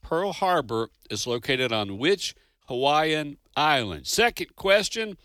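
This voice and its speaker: A man co-hosting a radio trivia show with a high-ish, bright voice that moves a lot in pitch. He talks in a playful, chatty way and laughs easily, sounding dry and close to the mic. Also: sing-song, slow pace, clear, resonant tone, no room sound. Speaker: radio co-host. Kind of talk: casual radio chat.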